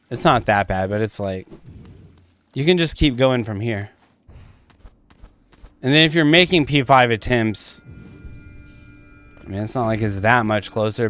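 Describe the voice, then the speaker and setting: A man's voice: medium pitch, fairly bright tone, smooth. A young man streaming a game, rambling casually through commentary and swearing freely.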